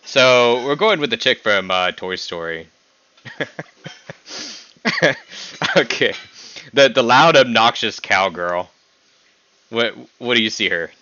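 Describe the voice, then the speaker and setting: A young man hosting a casual podcast stream, teasing his guest and laughing often as his voice jumps up when excited. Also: medium pitch, slow pace, long pauses, no echo, dull audio. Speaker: podcast host. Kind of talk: casual chat ranking characters with a guest.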